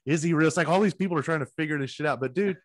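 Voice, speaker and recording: A man's voice: fairly high pitch, very fast, no room sound, clean studio sound. A man hosting a podcast interview, talking bluntly and with heavy swearing as he tells personal stories. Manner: blunt, profane, emphatic storytelling. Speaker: podcast host. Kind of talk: casual interview chat.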